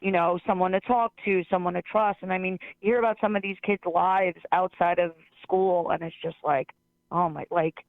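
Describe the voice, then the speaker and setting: A man's voice: sits high, steady tone, moderate pace, dry recording. A man who is a schoolteacher calling into a talk show, venting in an exasperated way with lots of "like" fillers. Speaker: caller, schoolteacher. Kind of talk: casual phone call-in chat. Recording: tinny phone line.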